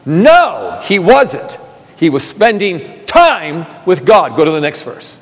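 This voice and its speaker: A man preaching a sermon, asking rhetorical questions and repeating phrases, building from soft talk to emphatic calls. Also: on the high side, wildly swooping pitch, slow pace, husky. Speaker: pastor. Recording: long reverb of a large hall.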